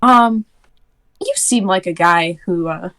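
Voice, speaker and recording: A woman's voice: lowish voice, takes it slowly, a bit bright. A woman player in a tabletop game, talking in character in a chatty, persuasive way.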